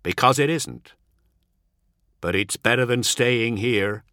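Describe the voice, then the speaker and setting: A man's voice: medium pitch, slow, bright, forceful tone, no echo, studio quality. A man voicing a determined, protective traveller who gives firm, urgent commands. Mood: reassuring.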